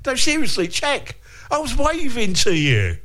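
A man's voice: very high-pitched, huge pitch swings, measured pace, sharp tone. A man hosting a breakfast radio show, reading listener messages in playful, laughing banter. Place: radio studio.

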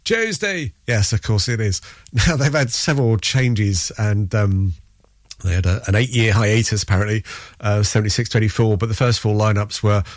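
A man presenting a music radio show, chatty and rambling, with lots of ums and self-corrections, easily excited. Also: fairly low pitch, moderate pace, no room sound, clean studio sound. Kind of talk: casual music radio chat.

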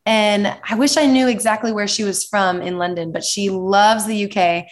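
A woman's voice: medium pitch, fairly even intonation. A young American woman in her twenties, a singer being interviewed, bubbly and enthusiastic. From United States. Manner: bubbly, enthusiastic, quick to laugh. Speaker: singer-songwriter guest. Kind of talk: interview answers.

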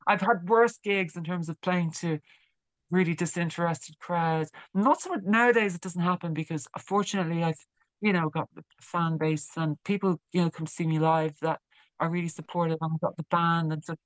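A woman's voice: lowish voice, fairly even intonation, no echo, low-quality recording. A woman musician being interviewed, chatting casually and repeating words as she tells a story. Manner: halting, repeats words while telling a story. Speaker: guest musician.

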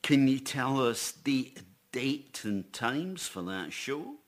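A man's voice: medium pitch, big pitch swings, slow. A man interviewing a guest with brief, plain questions.

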